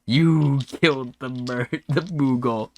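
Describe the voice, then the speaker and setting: A man voicing a crazed, shirtless old man who rants loud, slow accusations. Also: medium pitch, pitched below the performer's own voice. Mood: accusing.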